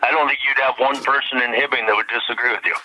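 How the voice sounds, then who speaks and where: A man's voice: medium pitch, fairly even intonation, rapid-fire, bright, forceful tone. A man with a strong Minnesota accent, a comedian guest telling folksy, blunt stories on a phone call. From Minnesota Iron Range. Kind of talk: casual storytelling on a phone call. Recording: phone line.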